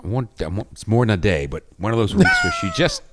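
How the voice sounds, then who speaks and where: A man's voice: lowish voice, huge pitch swings, fairly quick, very noisy. A man co-hosting a podcast in casual chat, chiming in with short reactions and laughing along. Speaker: podcast co-host.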